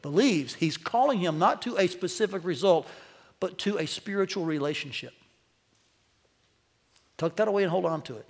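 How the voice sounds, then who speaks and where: A male pastor preaching a sermon to a church congregation, animated, his voice climbing as he quotes. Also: high voice, normal speed, long pauses. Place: church sanctuary.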